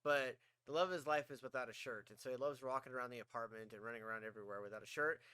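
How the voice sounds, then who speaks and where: A man's voice: mid-range voice, fairly even intonation, very fast, sharp tone, smooth, dry recording. A man co-hosting a podcast, chatting casually, laughing often and swearing as he rambles through stories. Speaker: podcast co-host. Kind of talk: casual chat.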